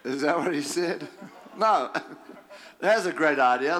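Slow, bright-toned male preacher; emphatic, chuckling, reads scripture then comments. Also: on the high side, expressive. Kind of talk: sermon reading scripture with commentary.

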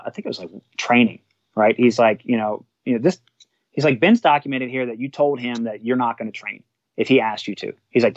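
A man's voice: mid-range voice, no room sound, muffled recording. A man, a fire captain, telling a workplace story in a casual way, acting out what others said and swearing now and then. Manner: animated, acts out quotes of others, swears.

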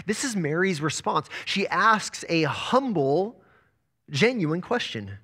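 A man's voice: high voice, animated, moderate pace, pushed and bright. A man preaching a sermon as pastor, emphatic and repeating words as he builds his points.

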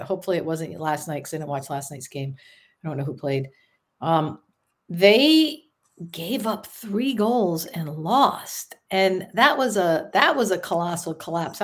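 A woman co-hosting casual sports talk. She is chatty, laughs easily and thinks aloud with many fillers. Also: lowish voice.

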